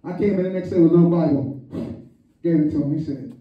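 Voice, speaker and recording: A male pastor preaching a lively storytelling sermon, calling on the congregation and acting out quotes. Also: fairly high pitch, very fast, background noise. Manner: animated, calls on the congregation, acts out quotes. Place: church hall, echoey. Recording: echoey church hall from far off, muffled.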